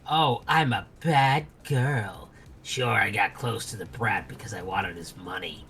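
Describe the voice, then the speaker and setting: A man's voice: on the low side, measured pace, bright, forceful tone, slight background noise. A man voicing a scheming young woman in a fan voice-over of a game, sly and mocking.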